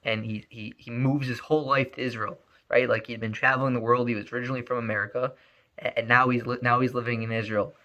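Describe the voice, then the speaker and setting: Bright-voiced man telling a story. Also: mid-range voice, fast talker. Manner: animated, emphatic, many repeated words. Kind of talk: spoken storytelling.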